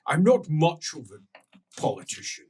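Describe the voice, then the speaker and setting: A game master playing a flustered ambassador who stumbles over words and keeps repeating himself. The delivery is slow and husky, and it sounds a little distant from the mic. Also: medium pitch, very animated, a little mellow, heavily acted. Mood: placating. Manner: stammering, hesitant, apologetic. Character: flustered, stammering male imperial ambassador. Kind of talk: improvised tabletop role-play.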